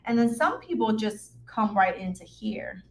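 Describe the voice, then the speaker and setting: A woman's voice: mid-range voice, lively intonation, a little slow, vocal fry, slight background noise. A woman who works as an occupational therapist, giving candid career advice in a frank, emotional way and swearing now and then. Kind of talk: candid unscripted advice talk.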